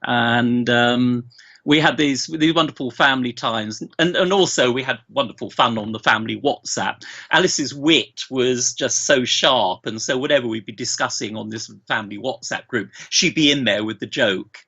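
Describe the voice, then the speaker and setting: Gravelly bright-voiced man on a dull line. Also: medium pitch, normal speed. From England. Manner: rambling anecdotal storyteller, frequent restarts. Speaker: guest, bereaved father. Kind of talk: remote podcast interview.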